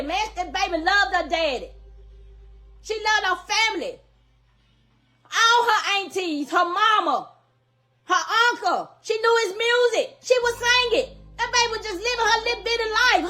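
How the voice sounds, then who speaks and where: A woman's voice: extremely high pitch, sharp tone. A middle-aged woman makes an angry, emphatic public plea as a grieving grandmother, repeating herself for force. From Louisiana, USA.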